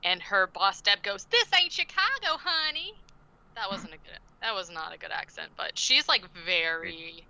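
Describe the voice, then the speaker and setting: Bright-voiced sarcastic woman podcaster. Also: fairly low pitch, normal speed, gravelly, few pauses, muffled recording. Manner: sarcastic, swearing, acting out quotes in silly voices. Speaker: podcast co-host. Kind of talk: casual movie recap chat.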